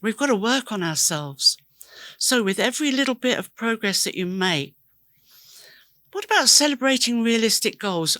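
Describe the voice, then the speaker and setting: A woman's voice: a little high, expressive, unhurried, sharp tone, no room sound. A woman hosting a podcast, giving an earnest, encouraging self-help talk straight to her listeners. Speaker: podcast host.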